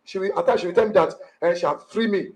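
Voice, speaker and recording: Husband, high-pitched, stammering and hurried. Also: male voice, darkish tone, low-quality recording. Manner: rushed, stammering, repeats words. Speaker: complaining husband in mediation. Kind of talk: emotional testimony in mediation.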